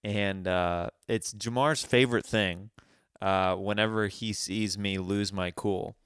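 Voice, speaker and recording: A man's voice: on the low side, steady tone, slow, a bit bright, clear, resonant tone, no room sound, clean studio sound. A man hosting a comedy podcast, telling stories about himself in a rambling way with many restarts. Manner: rambling, restarts, self-deprecating. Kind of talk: casual podcast chat.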